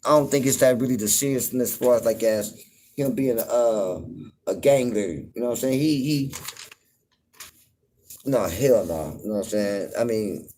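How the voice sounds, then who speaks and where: A man hosting his own show, talking in a loose, rambling commentary full of fillers and cursing, getting loud and incredulous when something riles him. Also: medium pitch, moderate pace, a little hiss or hum. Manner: laid-back, rambling, frequent fillers and profanity. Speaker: podcast host. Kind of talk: casual commentary monologue.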